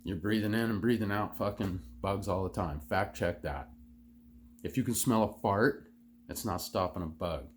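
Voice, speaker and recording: A man's voice: fairly low pitch, moderate pace, slight background noise. A man from the United States hosting his own commentary show, delivering an angry, sneering, heavily profane monologue. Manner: angry, sneering, swears constantly. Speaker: host of a solo commentary show.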